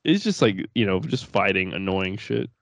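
Young male podcast co-host, low-pitched, rambling and profane, dry close mic. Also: lively intonation, moderate pace, vocal fry, a bit bright, no echo. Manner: rambling, profane, laughs through stories. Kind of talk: casual chat.

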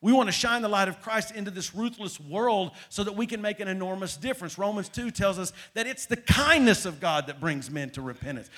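A man's voice: high-pitched, animated, a little fast, few pauses, a bit bright. A man, preaching a sermon as pastor and leading his congregation in reading aloud, swelling to emphatic peaks.

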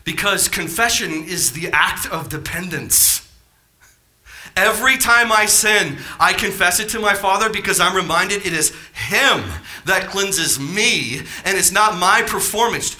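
An impassioned male preacher with a high, bright, cutting voice that leaps and dips all over his range. He peppers the congregation with rhetorical questions, swelling to near-shouts before falling back to quiet asides. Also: expressive, a little slow. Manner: impassioned, rising to near-shouts then dropping low. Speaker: pastor. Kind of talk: sermon.

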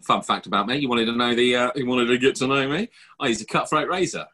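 A man's voice: medium pitch, fast talker. A man in his thirties co-hosting a podcast, chatting casually and telling jokey stories. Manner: joking, animated storytelling. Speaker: podcast co-host. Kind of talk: casual chat.

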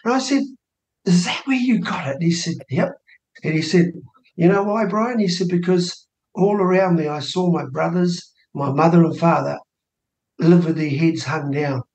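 A New Zealand man in his sixties with a fairly high voice, speaking at a moderate pace, appears as a guest and election candidate on a radio show. He tells a family story in a casual interview, animatedly acting out the voices of the people he quotes. The recording has an echoey room sound.

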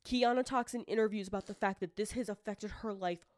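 Woman podcast co-host, casual and fired up, heavy cursing, mid-pitched voice, very dry close sound. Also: fairly quick, no room sound. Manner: heated, swears a lot, acts out quotes. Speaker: true crime podcast co-host. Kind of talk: casual chat.

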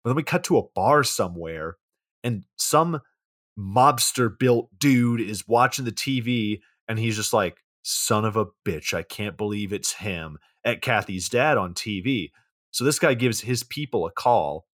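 Man, podcast co-host, relaxed plot recap, dry close mic. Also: mid-range voice, measured pace, no echo. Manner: laid-back, recounts plot with swearing and asides. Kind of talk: casual recap of a movie.

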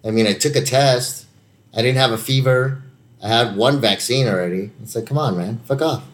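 A man's voice: medium pitch, moderate pace. A man from the United States, an actor, chatting casually and telling stories, laughing often, swearing, and acting out other people's lines. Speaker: actor, guest. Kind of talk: casual chat, storytelling.

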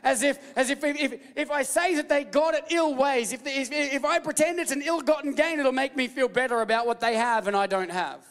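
A man with a very high voice delivers an animated, playful sermon, calling out to his congregation for replies. His words ring out with the long reverb of a large hall. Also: fairly quick, hardly any pauses. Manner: animated, playful preaching with call-and-response and mock voices. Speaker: pastor.

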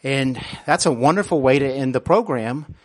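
A man's voice: mid-range voice, animated, moderate pace, no room sound. A man hosts an interview podcast and brings the episode to a close. He gives short affirmations and a plain sign-off. The sound is dry, with no room around him. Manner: brief affirmations, warm wrap-up. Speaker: podcast host. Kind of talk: interview host.

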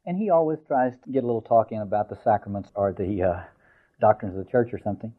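A man giving a lecture who reads a story aloud slowly and then explains it in a discursive way, with fillers and restarts. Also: on the low side. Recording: tinny phone-like audio.

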